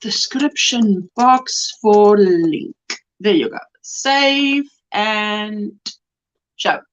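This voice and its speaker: A middle-aged South African woman hosts a casual livestream, reading comments and chatting with many greetings and fillers. Her medium-pitched voice is animated but very slow, and the lo-fi stream audio is slightly dull.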